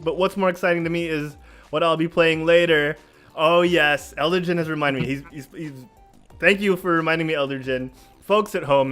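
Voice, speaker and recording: A man hosting a casual gaming livestream, excitable, repeating himself and laughing often. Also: fairly high pitch. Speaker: podcast host.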